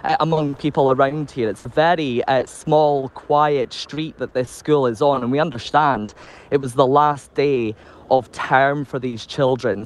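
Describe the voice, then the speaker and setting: A man reporting live from a news scene, measured and sombre, with occasional ums. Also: mid-range voice. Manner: measured, sombre delivery with fillers.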